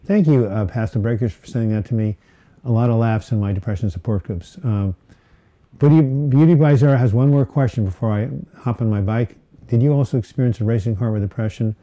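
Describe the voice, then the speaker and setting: A man's voice: medium pitch, a little fast, dark tone, highs cut off. A man hosting a casual live-stream Q&A, reading viewer questions aloud and rambling with many fillers and restarts. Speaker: host of a live mental health Q&A. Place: home setting, Portland.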